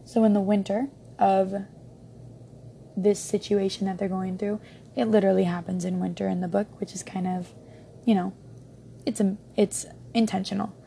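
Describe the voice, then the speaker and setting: A woman's voice: medium pitch, level tone, normal speed, vocal fry, long pauses, warm tone, a little hiss or hum. A young woman giving a casual book review, rambling with many ums and restarts.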